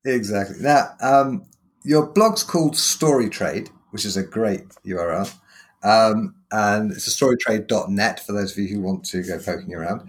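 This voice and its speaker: A man hosting a podcast interview, thoughtful and anecdotal, telling stories with frequent pauses and fillers. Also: lowish voice. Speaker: podcast host. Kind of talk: casual interview chat.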